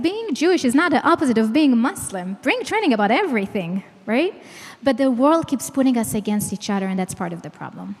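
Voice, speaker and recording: A woman researcher giving an emphatic, animated talk to an audience. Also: fairly high pitch, a little fast. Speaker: guest speaker, researcher. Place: large hall. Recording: long reverb of a large hall.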